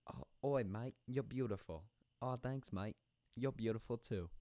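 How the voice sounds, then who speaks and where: A man's voice: mid-range voice, measured pace, mellow, no room sound, pitched above the performer's own voice, natural voice. A man voicing a cheery young Australian man who hands out compliments, in an exaggerated put-on Australian accent. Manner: exaggerated and playful.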